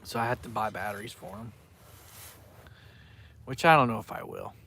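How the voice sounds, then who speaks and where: A man's voice: fairly low pitch, moderate pace, vocal fry, sharp tone, breathy edge. A man, chatting casually on a fishing live stream and reading out viewers' names in a rambling way. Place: outdoors by the water at night.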